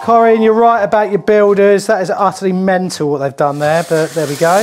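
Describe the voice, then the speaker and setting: Chatty plumber over music. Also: male voice, high-pitched, steady tone, brisk. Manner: chatty, joking asides to camera. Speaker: plumber presenting a how-to. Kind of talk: casual on-the-job tutorial. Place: customer's bathroom, indoors. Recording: music playing under the voice.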